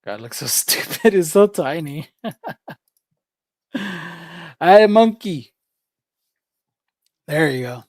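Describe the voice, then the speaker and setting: A male livestreamer chats loosely with his viewers, swearing freely and laughing between thoughts. His voice sits somewhat high for a man. The sound is dry, with no room echo. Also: expressive, slow pace, pauses often, a little mellow. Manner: rambling, profane, laughs often. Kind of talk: casual livestream chat.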